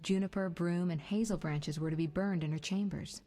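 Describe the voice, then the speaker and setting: A woman's voice: fairly low pitch, steady tone, moderate pace, warm tone, natural voice. An actress voicing a poised female sorceress who talks in a dry, ironic way. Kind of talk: video game dialogue.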